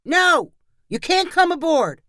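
A woman voicing a defiant little boy playing pirate, shouting his lines. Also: very animated, takes it slowly, no echo, full character voice. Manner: shouting, high-pitched.

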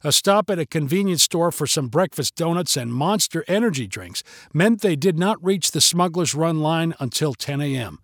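A man narrating a story in a steady, measured reading voice on a close mic. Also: a little high, dry recording.

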